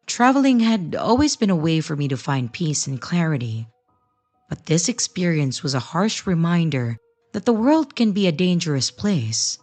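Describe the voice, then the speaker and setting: Low-voiced woman narrating creepy stories. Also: big pitch swings, moderate pace, a little mellow, faint music behind. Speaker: storytelling channel narrator.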